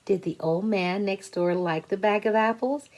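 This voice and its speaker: A woman voicing a kindly, patient mother of five in a children's story, speaking gently and playfully and stretching out sounds. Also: mid-range voice, normal speed, lightly acted. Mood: fond, amused.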